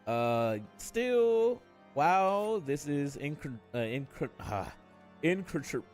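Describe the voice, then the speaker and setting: A man's voice: on the high side, animated, very slow, soft background music. A man chatting casually on a gaming stream, joking and swearing freely as he plays. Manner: joking, swears freely, reads game dialogue aloud.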